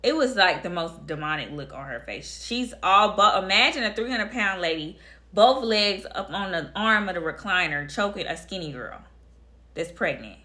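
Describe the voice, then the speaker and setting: A woman's voice: medium pitch, expressive, normal speed, bright, forceful tone. A young woman telling a personal story to her viewers in a blunt, emphatic way, repeating phrases for effect. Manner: addresses viewers directly. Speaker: storytime vlogger. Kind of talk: casual storytelling to camera.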